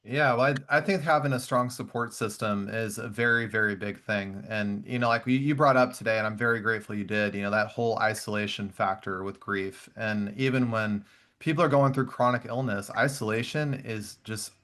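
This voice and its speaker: A man's voice: fairly low pitch, a little fast. A man hosting a podcast interview, speaking conversationally and acting out quoted voices when he retells a story. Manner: warm, animated storyteller who acts out voices. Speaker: podcast host.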